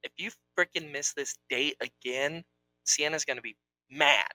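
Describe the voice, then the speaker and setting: A man's voice: a little high, normal speed, sharp tone, dry recording, poor audio. A man co-hosting a podcast in casual chat, with a playful, teasing way of talking. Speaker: podcast co-host.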